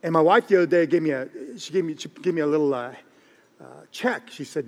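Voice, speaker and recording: A middle-aged man, a pastor, preaching a sermon in an animated, joking way and repeating phrases for emphasis. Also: fairly high pitch, fast talker. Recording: long reverb of a large hall.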